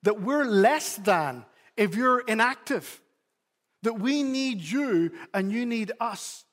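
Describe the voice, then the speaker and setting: High-voiced male pastor in an echoing hall. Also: slow pace. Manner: animated storytelling, repeats words when emphasizing. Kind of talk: sermon with a personal story.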